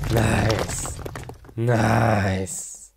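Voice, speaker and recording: A man's voice: lowish voice, flat delivery, extremely slow, very noisy, pitched below the performer's own voice. A man playing a raging brute who calls himself Hulk, grunting in simple, broken English. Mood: angry.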